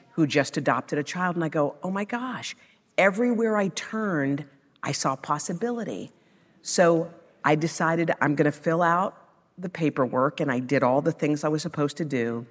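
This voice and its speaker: A woman's voice: extremely low pitch, fairly bright tone, big-room sound. Emotional woman telling a personal story. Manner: emotional, builds to hopeful emphasis. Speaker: guest.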